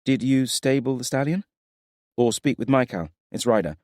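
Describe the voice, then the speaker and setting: A man voicing a proud young prince who speaks in a cold, commanding, measured way. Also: mid-range voice, a little mellow, no echo, studio quality, pitched above the performer's own voice, natural voice. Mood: demanding. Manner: imperious, coldly measured.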